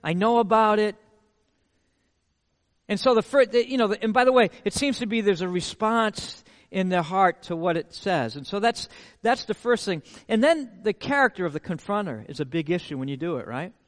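A man with a notably high voice delivers a sermon as a pastor. He tells animated stories and keeps tossing rhetorical questions at his listeners. His voice rings out with the long reverb of a big hall. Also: moderate pace.

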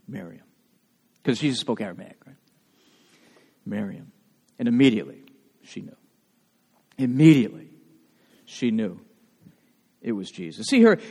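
A man preaching a sermon as pastor, telling stories in an animated way and often restarting his words. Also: mid-range voice, big-room sound. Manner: animated storytelling with frequent restarts.

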